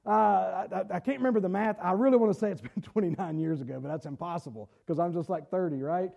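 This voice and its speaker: A man, preaching a fervent sermon with halting restarts and shouted bursts. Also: high-pitched, gravelly. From Southern United States. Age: 40s. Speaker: pastor.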